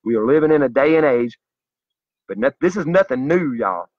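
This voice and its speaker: Expressive and a little fast, this medium-pitched male vlogger preaches earnestly and zealously in a direct-to-camera monologue. There's no room sound, and the lo-fi audio is slightly dull.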